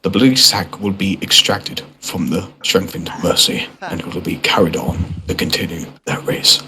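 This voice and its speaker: A man's voice: low-pitched, moderate pace, noisy background, natural voice. A man doing a pompous nature-documentary narrator. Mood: mock-solemn. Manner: mock-solemn documentary narration. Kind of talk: voice chat role-play.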